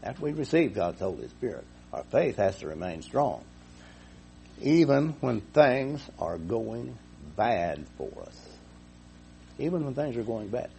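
A man's voice: mid-range voice, sing-song, unhurried, gravelly, mellow, a little hiss or hum. A man preaching a folksy sermon to his congregation, repeating himself and telling a homespun story. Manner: folksy, repetitive, chuckles at own jokes.

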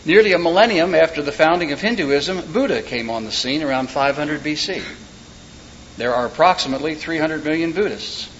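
A man's voice: on the high side, fairly bright tone. A man preaching a sermon in a folksy way, with joking asides and short told stories. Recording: dull lo-fi recording with faint background noise.

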